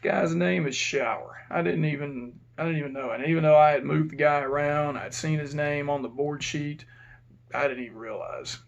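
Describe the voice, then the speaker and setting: A man's voice: on the high side, normal speed, vocal fry, lo-fi sound. A man who used to be a prison officer tells a rambling, plain-spoken story in a casual way and keeps correcting himself. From Texas.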